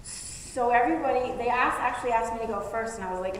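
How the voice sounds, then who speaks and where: A woman's voice: on the high side, steady tone, fairly quick. A woman recounting a personal story at a live event, chatty and self-mocking. The sound is very echoey with a long hall reverb and a faint noise beneath. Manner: chatty, self-mocking, laughs while telling.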